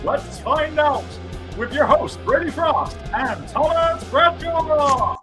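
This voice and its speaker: A man's voice: extremely high pitch, sharp tone, faint music behind, voice pushed up, heavily acted. A man voicing an over-the-top American monster-truck announcer with a put-on American accent, stretching out the words. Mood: hyped. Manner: drawn-out, hyped announcer delivery.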